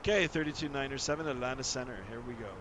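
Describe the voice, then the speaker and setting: A man's voice: medium pitch, racing. A man from Canada, a real pilot streaming a flight sim, chatting casually with lots of fillers and restarts. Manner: rambling, filler-heavy, friendly chatter. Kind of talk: casual live-stream chat. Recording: noisy background.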